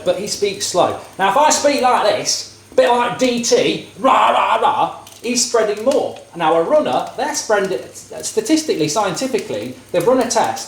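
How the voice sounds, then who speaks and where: Cooking on camera in his home kitchen, a man in his thirties chats casually and goes off on jokey, opinionated rants while food sizzles in the pan. His voice is on the high side, with a roomy sound and slight background noise.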